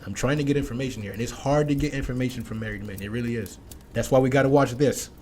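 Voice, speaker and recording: A man's voice: medium pitch, fast, darkish tone, slight background noise. A man hosting a casual reaction commentary, blunt and wry, talking slangily to his viewers. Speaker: commentary host.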